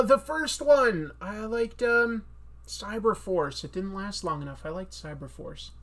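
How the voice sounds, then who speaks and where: A man's voice: high voice, sharp tone. Rambling, self-deprecating streamer man. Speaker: comic artist streamer. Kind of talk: casual live-stream Q&A.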